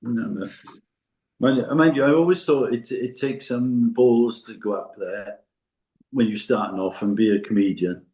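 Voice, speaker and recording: A man's voice: on the low side, moderate pace, dark tone, poor audio. An older man chatting casually with a friend, rambling and restarting his sentences often. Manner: rambling, hesitant, full of restarts and asides. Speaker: podcast co-host. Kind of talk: casual chat between friends.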